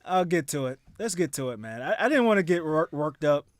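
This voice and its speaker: A man's voice: on the high side, very animated, a little fast. A man co-hosting a casual sports podcast, going into a heated, profane rant. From United States. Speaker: podcast co-host.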